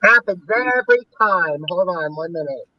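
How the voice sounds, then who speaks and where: A man's voice: high-pitched, animated, normal speed, no room sound, dull audio. A man guesting on a livestream panel, emphatic and repeating himself. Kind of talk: casual livestream chat.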